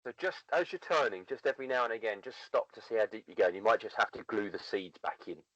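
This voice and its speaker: Podcast co-host man with a lively voice, gives hands-on tips, dull dry lo-fi audio. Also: fairly low pitch, fast, no room sound. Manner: gives practical advice, asks questions. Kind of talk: casual chat.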